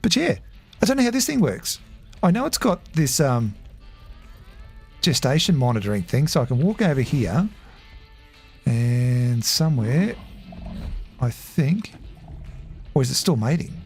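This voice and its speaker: A man chatting casually while streaming a game, rambling and halting, with frequent chuckles. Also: medium pitch, very animated, slightly rough, faint music behind. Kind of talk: casual live-stream chat.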